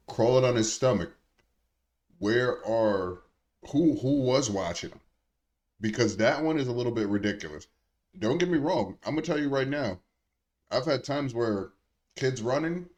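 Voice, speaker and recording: A man co-hosting a podcast, talking casually and emphatically and repeating points to drive them home. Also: medium pitch. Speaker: podcast co-host. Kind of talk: casual chat.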